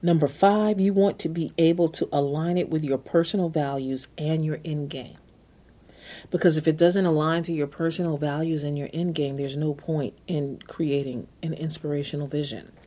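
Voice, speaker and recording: A woman's voice: low-pitched, fairly even intonation, normal speed, dark tone. A woman hosting a self-help podcast, coaching listeners step by step and repeating key phrases. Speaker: podcast host. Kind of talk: motivational self-help talk.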